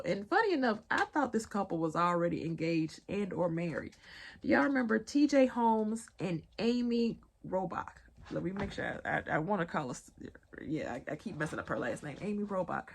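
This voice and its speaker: A woman's voice: medium pitch, gravelly. A young adult woman with a Southern accent, chatting casually through a pop-culture news recap and talking straight to her viewers. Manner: chatty, laughing asides, addresses viewers as y'all. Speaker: vlogger.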